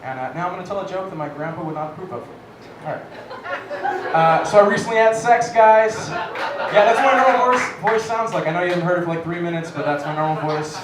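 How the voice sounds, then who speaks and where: A man doing a stand-up comedy set on a comedy club stage, delivering loud, self-mocking punchlines. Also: fairly high pitch, animated, fast talker, a crowd in the background. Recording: echoey club, distant mic, loud noise.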